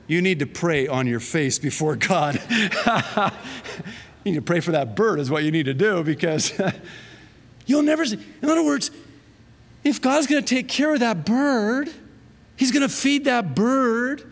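A man with a fairly high voice preaches a sermon in a lively, conversational way, laughing at his own jokes. His words ring out with the long reverb of a large hall. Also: measured pace, long pauses. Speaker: pastor.

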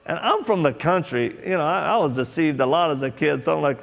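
Gravelly preacher in echoey hall. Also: male voice, a little high, animated, brisk, few pauses. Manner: storytelling, acts out quoted voices. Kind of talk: sermon with personal story. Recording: echoey hall, long reverb.

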